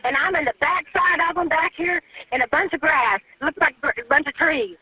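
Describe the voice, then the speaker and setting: A woman's voice: high-pitched, fairly quick, dry recording. A panicked woman calling for emergency help, crying, stammering and pleading over a phone line. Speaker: 911 caller. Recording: tinny phone line recording.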